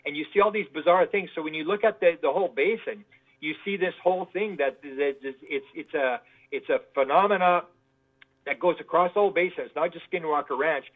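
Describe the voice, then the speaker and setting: A man's voice: fairly high pitch, fairly quick. Rambling man on a tinny line. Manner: rambling, repeats words, acts out quoted voices. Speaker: guest researcher. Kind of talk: casual interview storytelling.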